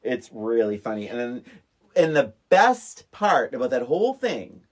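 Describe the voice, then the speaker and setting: A woman co-hosts a relaxed film podcast in an unusually deep voice. Her pitch still moves a lot as she talks. She hesitates often, tossing in fillers and easy agreement with her partner. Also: measured pace. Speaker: podcast co-host. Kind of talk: casual movie chat.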